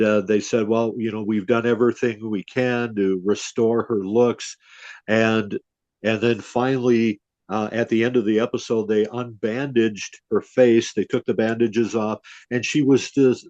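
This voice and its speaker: An older man, a podcast host, telling a story in an unhurried way with many restarts. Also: mid-range voice, a little mellow, no echo. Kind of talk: casual chat. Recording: dull, dry lo-fi audio.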